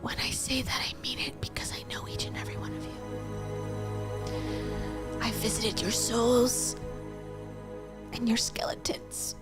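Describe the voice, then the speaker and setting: A woman's voice: a little high, fairly even intonation, over loud music, natural voice. A woman putting on a whispery mystical guru. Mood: serene. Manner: slow, breathy, dreamy delivery. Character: hushed mystical woman guru, serene and self-important. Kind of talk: whispered role-play.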